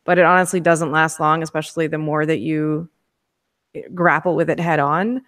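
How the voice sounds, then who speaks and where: A woman speaks earnestly and encouragingly in a casual online discussion. Her voice is a little low, and the recording is dry and close. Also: fairly even intonation, normal speed, fairly bright tone, no room sound.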